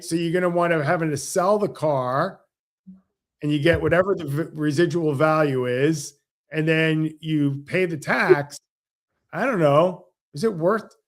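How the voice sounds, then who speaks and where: A man, a financial advisor guest on an interview show, explaining with animated stories and acted-out dialogue. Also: fairly high pitch. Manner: animated, acts out quoted dialogue. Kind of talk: casual interview storytelling.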